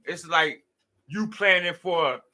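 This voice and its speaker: A man's voice: fairly high pitch, slow pace, pushed and bright. A tired man hosting a late-night livestream, rambling loosely in slang and preaching about life. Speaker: livestream host.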